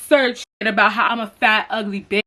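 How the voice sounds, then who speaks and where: A woman's voice: medium pitch, fairly even intonation, brisk, sharp tone. A young adult woman telling a personal story to her viewers in a casual vlog, blunt and chatty with lots of swearing. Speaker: vlogger.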